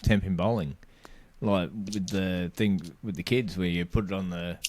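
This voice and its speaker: A man's voice: sits low, fairly even intonation, normal speed, darkish tone, dry recording. An Australian man co-hosting a podcast, telling sweary, laugh-filled anecdotes. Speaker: podcast co-host. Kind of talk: casual chat.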